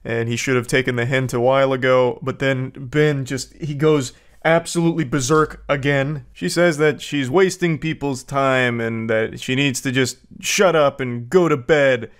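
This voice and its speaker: A man's voice: medium pitch, fairly even intonation, normal speed. A man hosting a commentary video who reacts in a sarcastic, incredulous way, reading out messages with blunt profanity. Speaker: commentary host.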